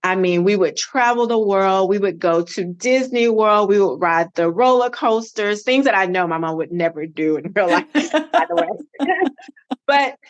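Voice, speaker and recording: A middle-aged woman, a podcast guest, telling a personal story with lively acted-out dialogue. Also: mid-range voice, moderate pace, lo-fi sound. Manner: animated, acts out quoted dialogue.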